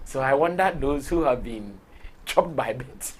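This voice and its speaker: A man with a Ghanaian accent hosting a live entertainment talk show, his voice hoarse, talking in an excitable, expressive way and laughing often. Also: mid-range voice, a little slow, slight background noise. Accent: Ghanaian English. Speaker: show host.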